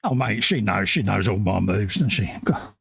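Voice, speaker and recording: A man's voice: fairly low pitch, animated, moderate pace, vocal fry, husky. A man from the UK co-hosting a casual live stream, joking and mocking himself. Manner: jokey, self-mocking, acts out quoted voices. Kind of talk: casual chat.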